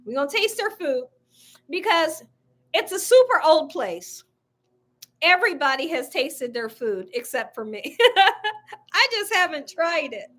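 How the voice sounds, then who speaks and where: Female host, live cooking stream from home; high, bright, chatty, quick to laugh. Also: sing-song. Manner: chatty, laughs often, reads out viewer comments. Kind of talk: casual live-stream chat. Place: at home, window open.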